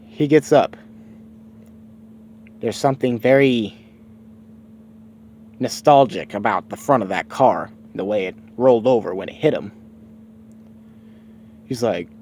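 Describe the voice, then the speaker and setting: A man's voice: mid-range voice, measured pace, long pauses, darkish tone, slight background noise. A man casually improvising a story, rambling and swearing freely. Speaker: streamer.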